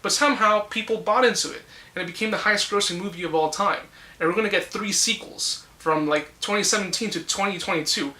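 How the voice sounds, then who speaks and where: A young man rants casually about films he dislikes, blunt and quick to swear. His voice is bright and forceful, and it bounces around an echoey room. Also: sits high. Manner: blunt, ranting, swears freely. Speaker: movie reviewer. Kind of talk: casual opinion vlog.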